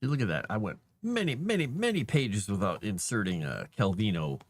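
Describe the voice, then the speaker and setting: A man on a casual livestream, thinking aloud to himself as he formats a document and grumbling at the software. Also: on the low side, very animated, brisk. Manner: mutters to himself while working, grumbles at software.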